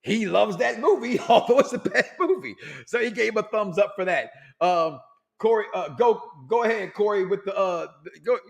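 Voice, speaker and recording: A middle-aged man hosting a casual talk show, loud and animated, reading out listener comments and laughing often. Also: sits high, moderate pace, gravelly. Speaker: podcast host.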